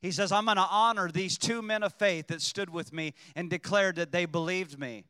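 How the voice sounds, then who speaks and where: A man preaching a sermon as pastor, rising at times to shouted emphasis. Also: sits high, moderate pace, clean tone, no room sound, big-room sound.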